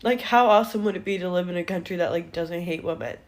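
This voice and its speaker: A woman's voice: fairly low pitch, fast talker. A woman speaking sarcastically to camera and laughing bitterly between phrases.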